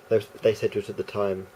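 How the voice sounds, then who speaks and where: A man's voice: on the low side, mellow, slight background noise. A man rambling through a casual vlog monologue, hesitant and full of restarts and fillers. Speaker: vlogger.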